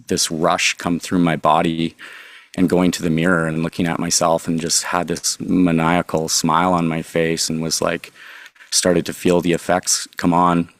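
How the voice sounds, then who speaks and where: A man being interviewed about his past, telling it in an earnest, halting, confessional way. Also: low voice, no room sound. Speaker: guest, drug recovery consultant. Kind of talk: candid personal storytelling.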